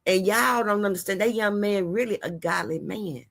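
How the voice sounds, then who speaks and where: A woman's voice: medium pitch, normal speed, gravelly, a bit bright. A woman hosting her channel in a casual vlog monologue, chatty and rambling as she talks straight to her viewers and hands out heartfelt life advice. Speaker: host of a gossip and news channel.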